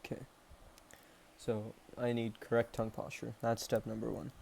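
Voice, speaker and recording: A young Canadian vlogger talks casually to the camera for a self-improvement vlog, rambling and mocking himself while frequently stopping and restarting. His mid-range voice is completely flat, moderately paced, darkish and marked by vocal fry, with slight background noise.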